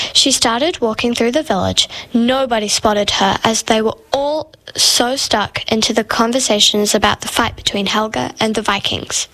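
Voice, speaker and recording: Bright-voiced woman reading a story aloud. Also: fairly high pitch, poor audio. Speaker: story reader.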